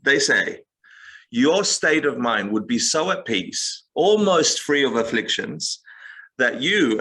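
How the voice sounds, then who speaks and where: A man with a bright, forward voice talks through spiritual ideas in a lively conversational way. He tells stories, acts out quick quotes and leans on game comparisons to make his point. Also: medium pitch, rough recording. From United States. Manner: expressive storyteller, acts out quotes, gaming analogies. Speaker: meditation teacher guest. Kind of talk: animated podcast conversation.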